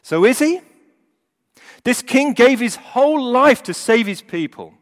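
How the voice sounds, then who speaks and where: A man's voice: very high voice, animated, measured pace. A man preaching a sermon, rising and falling in volume for emphasis. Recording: long hall reverb.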